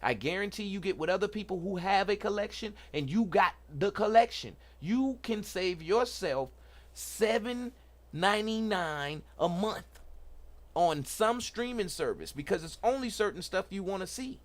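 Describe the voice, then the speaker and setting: A middle-aged man hosts a casual livestream tech talk. He is excited and preachy, repeats himself and talks to the chat. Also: high-pitched, normal speed. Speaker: host.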